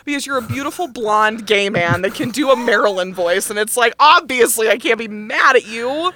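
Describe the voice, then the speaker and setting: A woman co-hosting a casual podcast about musical theatre, animated, laughing hard and cursing freely. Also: on the high side, normal speed, a little hiss or hum. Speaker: podcast co-host.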